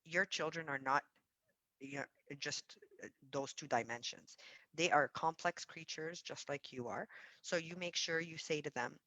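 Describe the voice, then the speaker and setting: A woman who runs a childcare centre, explaining early childhood development to parents in an animated, emphatic way. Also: sits low, a little slow, dry recording, poor audio. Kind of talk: parenting talk to camera.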